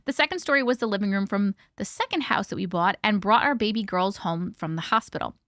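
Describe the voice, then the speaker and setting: A woman's voice: mid-range voice, lively intonation, brisk, a bit bright, dry recording, studio quality. A woman hosting a live stream, reading a listener's story aloud bluntly and expressively, with profanity and reactions. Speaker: host reading listener stories.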